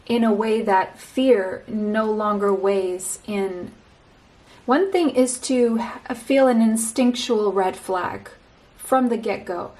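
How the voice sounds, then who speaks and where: A woman giving a pick-a-card tarot reading, speaking straight to the listener in a slow, reassuring way and often repeating a phrase. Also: mid-range voice, a little mellow, rough recording.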